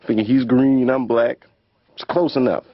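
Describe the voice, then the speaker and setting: A man doing a conversational stand-up bit with gruff impressions. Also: medium pitch, steady tone, moderate pace, dry recording, muffled recording. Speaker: stand-up comedian. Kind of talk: stand-up monologue.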